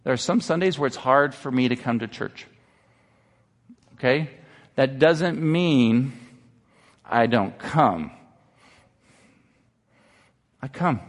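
A man's voice: medium pitch, lively intonation, takes it slowly, pauses often, big-room sound. A man in his thirties, a pastor, preaching an earnest sermon that moves from personal confession to exhortation. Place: church sanctuary.

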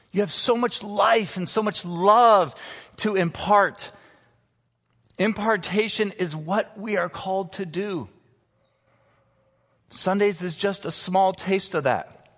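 A man's voice: high voice, fairly bright tone. Male pastor preaching to his church, leans hard on key words, big echoey hall sound. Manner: emphatic, slowing down on key words. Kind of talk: sermon. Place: church sanctuary. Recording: long reverb of a large hall.

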